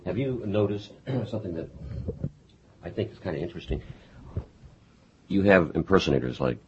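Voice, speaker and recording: A man's voice: deep voice, expressive, moderate pace, lo-fi sound, noisy background. A man interviewing a guest, asking conversational questions.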